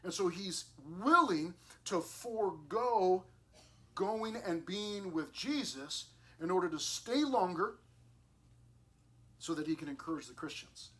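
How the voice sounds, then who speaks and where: A man's voice: sits high, lively intonation, slow, fairly bright tone. A middle-aged man preaching a sermon to a youth service in an earnest, conversational way, often restarting his words.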